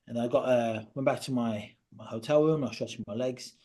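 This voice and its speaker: Guy in his 30s, podcast guest, earnest story, stops and restarts a lot, goes quiet, medium voice. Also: mid-range voice. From Britain. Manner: earnest, halting, often drops quiet. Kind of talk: personal storytelling in an interview.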